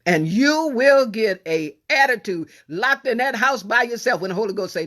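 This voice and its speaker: A middle-aged woman preaching a sermon in a folksy, animated way, often repeating and restarting her phrases. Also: fairly high pitch, normal speed, hardly any pauses.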